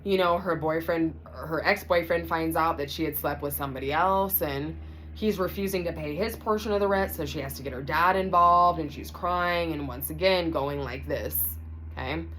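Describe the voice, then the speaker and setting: A woman's voice: sits low, moderate pace, a bit bright. A woman telling a personal story to her viewers in a chatty vlog, full of asides. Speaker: vlogger. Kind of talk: storytime vlog, casual chat.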